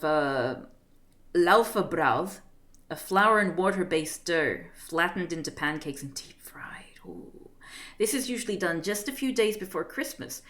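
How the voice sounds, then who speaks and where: A woman streamer reads a book aloud on a live stream with a lively pitch that rises and falls a lot. She keeps breaking into giggles and chatty asides and trips over unfamiliar words.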